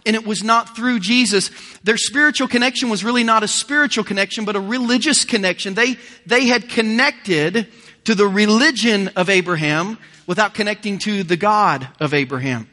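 A man's voice: sits high, moderate pace, pushed and bright, big-room sound. A man with a Midwestern American accent, preaching a sermon as pastor in an earnest, emphatic way with repeated phrases. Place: church auditorium.

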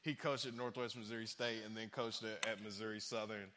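A young adult man preaching a sermon from a church stage, animated, acting out quotes in other voices. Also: fairly low pitch, brisk, background noise. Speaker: pastor. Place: large church hall. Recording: long hall reverb.

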